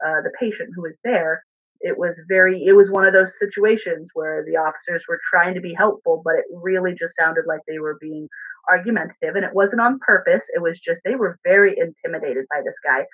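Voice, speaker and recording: A woman's voice: on the low side, slightly rough. Woman telling a story over a tinny phone line. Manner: animated storyteller with fillers and restarts. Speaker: guest recounting work experience. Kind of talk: casual storytelling.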